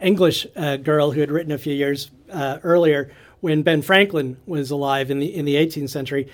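Eager, slightly high-voiced man guest. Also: moderate pace. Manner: enthusiastic storyteller with frequent uh fillers and restarts. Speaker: history professor, interview guest. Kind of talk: radio interview.

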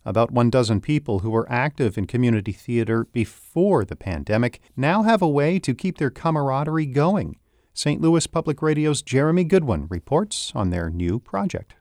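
A man hosting a news program, reading a script in a steady, even way. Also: mid-range voice, normal speed, dry recording, clean studio sound. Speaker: news host.

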